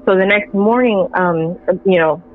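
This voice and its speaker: Animated woman telling a story over a tinny line. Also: mid-range voice, unhurried, faint music behind. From Central Texas. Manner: animated, laughing often, acting out quoted lines. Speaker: guest. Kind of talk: casual storytelling.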